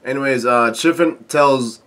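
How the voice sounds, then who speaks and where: Recapping and commenting casually on a manga chapter, this bright-voiced man of medium pitch delivers his thoughts in a stop-start way, full of filler sounds. When quoting lines, he reads them in a mostly flat voice.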